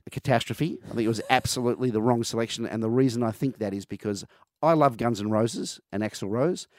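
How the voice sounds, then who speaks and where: A man's voice: medium pitch, fairly quick, no echo, studio quality. A man co-hosting breakfast radio, chatting passionately with lots of ums and restarts. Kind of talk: casual radio chat. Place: radio studio. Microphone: close studio mic.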